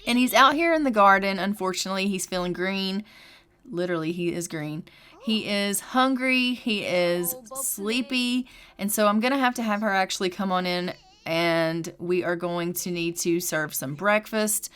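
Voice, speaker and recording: Young woman, chatty gameplay narrator, storytelling, casual, mid-pitched voice. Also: moderate pace, fairly bright tone, clean tone. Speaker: gaming creator.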